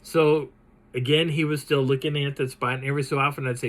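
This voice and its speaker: A man's voice: mid-range voice, fast, poor audio. Man dramatically retelling an encounter. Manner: animated, dramatic retelling with laughs. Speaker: channel host. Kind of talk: telling a personal encounter story.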